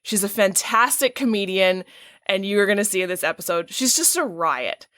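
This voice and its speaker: A woman's voice: mid-range voice, expressive, normal speed, a bit bright, dry recording, clean studio sound. A woman hosting a casual podcast interview, talking in a gushing, effusive way. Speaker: podcast host.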